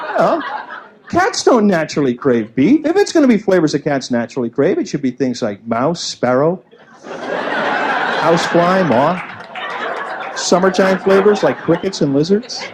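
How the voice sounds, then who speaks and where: A man's voice: on the high side, unhurried, long pauses, crowd noise. A man doing a stand-up comedy set on a club stage, acting out little voices in his bits. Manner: animated, acts out voices in bits. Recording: noisy early-90s club taping. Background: audience laughter.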